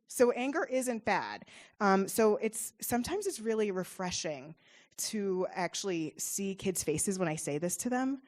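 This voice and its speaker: A woman child therapist giving an informal, encouraging talk to parents, chatty and full of fillers. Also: mid-range voice. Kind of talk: informal presentation.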